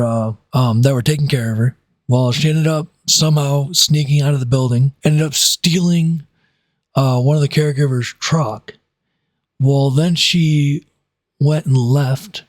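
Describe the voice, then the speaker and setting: Rambling young man telling a story. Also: no room sound. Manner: rambling, many fillers and restarts, voices quotes in a higher pitch. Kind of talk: casual storytime.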